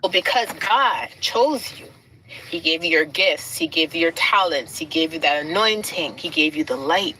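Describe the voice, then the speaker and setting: A woman's voice: deep voice, lively intonation, normal speed, bright, forceful tone, slight background noise, poor audio. A woman preaching emphatically to an audience, building her points in rhythmic repeated lists. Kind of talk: sermon-like encouragement to an audience.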